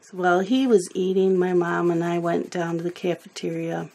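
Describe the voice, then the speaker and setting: A woman's voice: fairly low pitch, level tone, moderate pace, creaky, darkish tone. A woman telling a rambling family story in casual chat while she colors, sometimes losing her words. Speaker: coloring video host.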